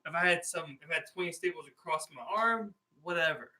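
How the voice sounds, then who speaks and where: A man's voice: a little high, brisk, bright, forceful tone. A man with a Baltimore accent, co-hosting a casual podcast chat in a laid-back, chuckling way, agreeing a lot and adding his own stories. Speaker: podcast co-host.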